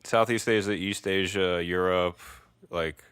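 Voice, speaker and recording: A man's voice: low voice, fairly even intonation, unhurried, a bit bright, clear, resonant tone, dry recording. A man co-hosting a podcast in casual chat, cracking jokes and swearing. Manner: wisecracking, profane, chuckling. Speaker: podcast co-host.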